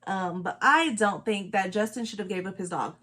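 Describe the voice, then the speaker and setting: A woman's voice: mid-range voice, moderate pace, bright, forceful tone. A woman from Los Angeles, a beauty vlogger chatting casually while doing her makeup, emphatic and repeating her points. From Los Angeles, California.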